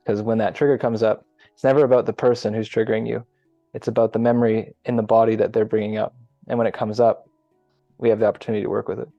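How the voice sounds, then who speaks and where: A man on a group call who talks calmly and reflectively, explaining his ideas at length over muffled lo-fi call audio. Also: fairly low pitch, quick pace, gravelly, no room sound, faint music behind. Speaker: call participant. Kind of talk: casual group video call chat.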